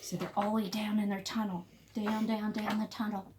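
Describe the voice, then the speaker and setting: A woman's voice: medium pitch, flat delivery, brisk, noisy background. A woman teacher reading a children's story aloud, adding casual explanations between the lines.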